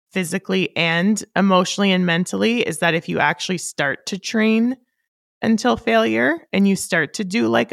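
Lowish gravelly woman, dry close sound, frank coaching tone, swears casually. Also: no room sound. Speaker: podcast co-host. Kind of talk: casual chat.

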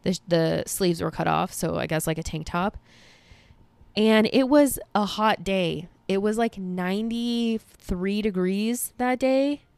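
A woman's voice: mid-range voice, takes it slowly, gravelly, a little mellow, smooth, no room sound. A young woman hosting a podcast, telling a story in casual chat with lots of fillers and casual swearing. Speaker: podcast host.

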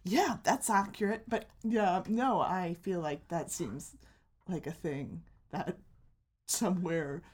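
A woman's voice: fairly low pitch, slow pace, a little mellow, breathy edge. A woman co-hosting a podcast in casual, joking banter, laughing often. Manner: playful, jokey, laughs often. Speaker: podcast co-host.

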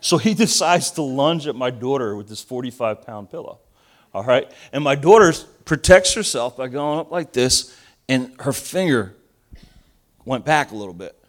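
A man's voice: mid-range voice, moderate pace. A man in his forties from Argentina, a pastor preaching a sermon with funny stories and jokes with the audience. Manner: animated storyteller, jokes with the audience.

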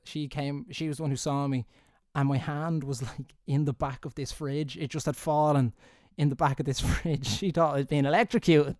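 Young irish guy yapping into a mic, bit high-pitched, dead dry sound, laughs and swears a lot. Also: darkish tone, clear, resonant tone, no room sound. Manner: rambling, laughing, swearing, slangy. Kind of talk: casual anecdotal storytelling. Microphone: close studio mic.

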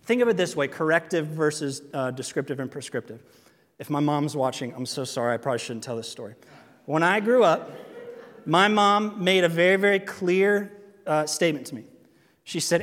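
A man preaching a sermon as pastor, animated, joking and acting out quotes. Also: fairly high pitch, moderate pace, in a large hall. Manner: animated, jokes and acts out quotes.

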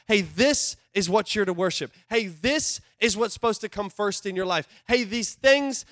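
A male pastor preaching a sermon in an animated, conversational way, swinging from loud outbursts to hushed asides. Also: high-pitched, unhurried, dry recording, studio quality.

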